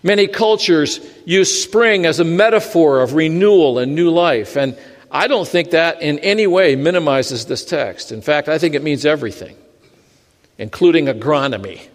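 A man preaches in a church sanctuary, his voice sitting high and ringing out with a long reverb from the large hall. He delivers the sermon in an animated way, with dry humor slipped between his points. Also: normal speed. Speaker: pastor.

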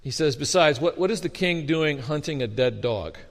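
A man preaching a sermon as a pastor, animated and storytelling with humor, often restarting his words. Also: a little high, moderate pace. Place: church sanctuary. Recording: long reverb of a hall.

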